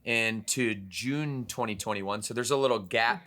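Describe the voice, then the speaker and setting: A man's voice: medium pitch, moderate pace. A man hosting a podcast interview, chatting casually and energetically, leaning on "like" and "literally". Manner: energetic, filler-heavy, uses "like" and "literally". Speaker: podcast host interviewing a guest.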